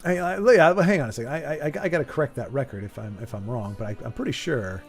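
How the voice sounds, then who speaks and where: A man's voice: mid-range voice, fast talker, creaky, soft background music. A man chatting casually on a live game stream, rambling, joking and correcting himself as he goes.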